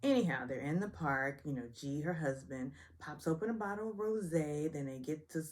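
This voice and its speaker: Low-voiced sassy woman recapping TV. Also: lively intonation, normal speed, darkish tone. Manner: chatty, sassy, self-deprecating about stumbles. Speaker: reality TV recap host. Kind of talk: casual episode review.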